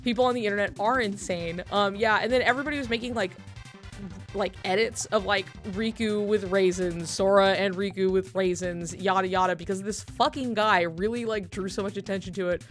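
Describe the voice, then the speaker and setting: A woman streamer chatting while she draws, her voice at an ordinary middle pitch. She rambles through a story with plenty of "like" and "um," breaking into laughter. Faint music plays behind her. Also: steady tone, fairly quick. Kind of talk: casual storytelling to stream chat. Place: home streaming setup while drawing.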